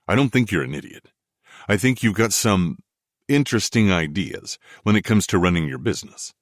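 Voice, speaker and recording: Male audiobook narrator, low and expressive, dry close sound. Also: moderate pace, no room sound. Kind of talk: first-person romance audiobook narration.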